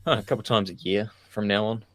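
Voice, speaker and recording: A man's voice: on the low side, steady tone, quick pace. A man co-hosting a movie podcast in casual chat, laid-back, swearing freely and laughing often. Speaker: podcast co-host.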